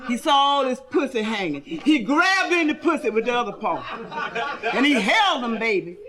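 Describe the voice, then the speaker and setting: A woman's voice: a little high, big pitch swings, moderate pace. A woman comedian telling bawdy jokes in a brassy stand-up style, laughing through her own punchlines.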